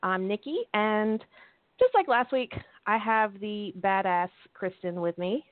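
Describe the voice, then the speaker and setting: A woman's voice: medium pitch, unhurried, no room sound. A woman hosting a casual chat show on a headset, talking in a brash, blunt way and swearing freely. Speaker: podcast host. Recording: tinny phone-like headset line.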